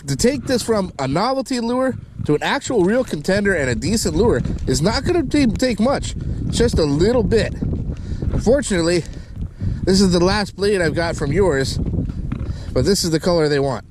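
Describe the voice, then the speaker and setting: A man's voice: high-pitched, moderate pace, background noise. A man hosting a fishing vlog outdoors on the water, talking through his lures and whooping when he lands a fish. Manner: excitable, whoops loudly at catches. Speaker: fishing channel host.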